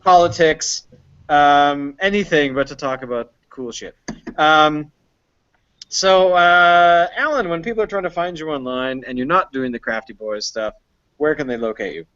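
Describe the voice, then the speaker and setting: A man's voice: on the high side, a little slow, fairly bright tone, clean tone, no echo, highs cut off. A man hosting a casual beer podcast, rambling along with lots of ums and uhs. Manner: rambling with many fillers. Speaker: podcast host. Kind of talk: casual chat.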